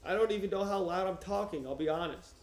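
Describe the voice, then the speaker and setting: A young man streaming from his couch, joking loudly and swearing as he chats with viewers and reads aloud. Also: high voice, fast, echoey room. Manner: loud, profane, joking. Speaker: streamer reading to chat. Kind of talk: casual livestream chat and reading aloud. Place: home, on a couch. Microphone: wearing headphones.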